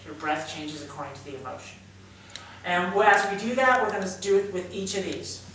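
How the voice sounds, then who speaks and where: A man's voice: high voice, brisk, sharp tone, slight background noise. A drama teacher leading a class of young actors, explaining exercises with energy and acting out emotions as he goes. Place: large echoey room. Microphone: camera mic from across the room. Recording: echoey room, voice from far off.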